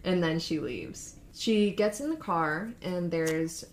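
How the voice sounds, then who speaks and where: A young woman co-hosting a podcast, casually retelling a story and acting out the quotes with lively shifts in her voice. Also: on the low side, a little slow, slight background noise. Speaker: podcast co-host.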